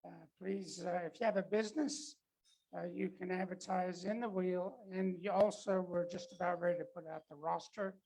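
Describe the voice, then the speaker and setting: A man's voice: steady tone, moderate pace, darkish tone, poor audio. A man casually announcing ad sales at a club meeting. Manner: casual, pitching ads. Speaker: club member making announcements.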